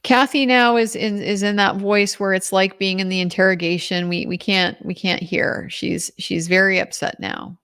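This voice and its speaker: A middle-aged woman walks through what happened in court that day. She tells it in an animated way and voices the quoted lines in her own plain, mid-range voice. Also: mid-range voice, moderate pace, few pauses, clean tone. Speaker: legal commentator. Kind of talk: recounting courtroom testimony.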